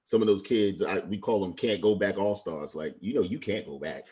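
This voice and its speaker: A man's voice: deep voice, moderate pace, dark tone. A man in his forties from Brooklyn, a retired Navy chief telling stories with passion and earnest feeling in a casual interview. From Brooklyn, New York. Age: 40s.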